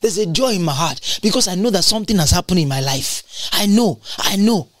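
A preacher delivering a sermon, emphatic and repetitive, with big leaps up and down in pitch and bursts of tongues. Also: expressive, brisk, no echo, studio quality.

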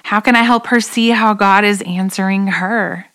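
A woman's voice: medium pitch, fairly even intonation, moderate pace, a bit bright. A woman in her forties hosting a devotional podcast, speaking in an earnest, reflective way. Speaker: podcast host. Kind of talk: devotional talk.

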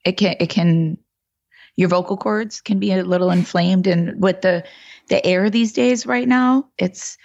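A woman guest in a casual podcast chat, slightly raspy today and rambling with restarts. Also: on the low side, measured pace, a little mellow, lo-fi sound. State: a little raspy. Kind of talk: casual conversation.

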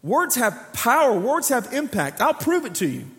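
A high-voiced man around forty preaches a sermon with lively storytelling, acting out the voices in his stories. His voice carries a long reverb, as if recorded in a large church hall. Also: normal speed, few pauses. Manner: lively storytelling preacher who acts out quoted dialogue. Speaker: pastor.

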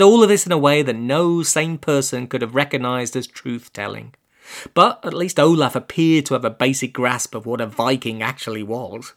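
A man narrating a comic story in a dry, quiet, deadpan manner. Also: medium pitch, normal speed.

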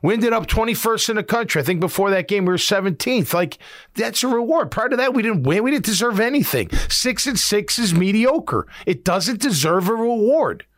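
A man's voice: high voice, lively intonation, normal speed, a bit bright, dry recording, studio quality. A middle-aged man, a former player hosting a sports talk show, giving blunt, emphatic opinions.

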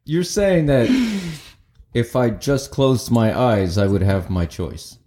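A man's voice: mid-range voice, big pitch swings, slow pace, mellow. A man co-hosting a casual comedic chat, hesitant, repeating words and laughing often. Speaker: podcast co-host.

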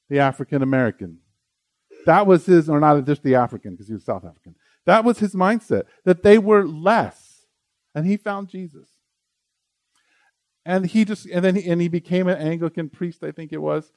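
A man's voice: a little high, a little mellow, no room sound. A man pastor preaching an earnest, conversational sermon during a church service, often restarting his phrases.

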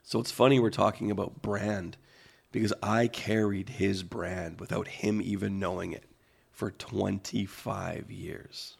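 A man in his forties co-hosting a podcast, telling a personal story slowly, with pauses and repeated phrases. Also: on the low side, steady tone, vocal fry, slightly rough. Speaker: podcast co-host. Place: podcast studio.

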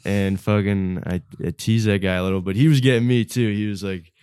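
Lively storytelling comedian man, dry close mic. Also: lowish voice, brisk, clear, resonant tone, no room sound. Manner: animated storyteller who acts out quoted exchanges, laughing often. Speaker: comedian guest. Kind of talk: casual podcast storytelling.

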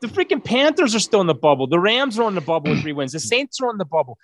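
A man with a high voice swoops up and down as he pushes his points, exclaiming in casual chat. The sound is dry and close to the mic. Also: fast talker, no room sound. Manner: animated, exclaiming sports takes. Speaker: sports podcast co-host.

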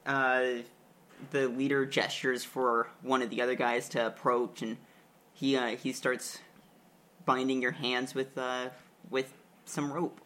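A man narrating as game master, relaxed and hesitant with fillers. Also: medium pitch, a little slow.

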